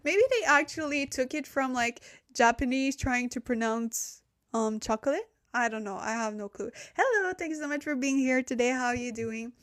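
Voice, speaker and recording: A young woman with a high, bright-toned voice leads a casual live-stream language lesson. English is not her first language, and she speaks into a desk microphone. She chats with her viewers and laughs easily between explanations. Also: moderate pace. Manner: chatty, laughs often, talks to chat viewers.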